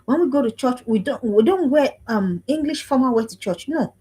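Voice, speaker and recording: Woman, about 40, from Africa, husky, fairly high voice, emphatic preaching talk on a stream. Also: animated, moderate pace, warm tone, rough recording. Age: 40s. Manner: emphatic, repeats phrases and asks "do you understand?". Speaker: speaker on parenting. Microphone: livestream.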